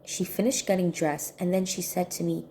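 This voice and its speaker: A woman's voice: fairly low pitch, steady tone, normal speed, dark tone, slight background noise. A woman sharing a personal reflection in casual talk, earnest and repeating her key points for emphasis. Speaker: spiritual healing coach.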